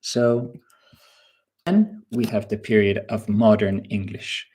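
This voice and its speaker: Male teacher, husky voice, slow and patient, quizzing an online class. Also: fairly low pitch, fairly even intonation, mellow. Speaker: English teacher. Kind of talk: live webinar lesson.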